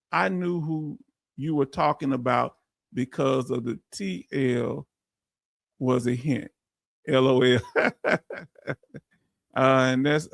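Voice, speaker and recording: A man with a Texan accent hosting a live stream, emphatic and animated, reading out chat comments and laughing often. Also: mid-range voice, gravelly, no room sound, studio quality. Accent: Texan English. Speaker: veteran live-stream host.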